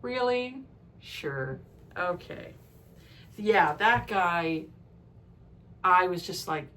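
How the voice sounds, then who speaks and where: A woman's voice: on the low side, animated, a little slow, pauses often, a bit bright, slight background noise, low-quality recording. Chatty swearing woman reviewing books. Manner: chatty, frank, swears freely, ranting; frequent "like" fillers. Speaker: book reviewer. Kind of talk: casual book review vlog.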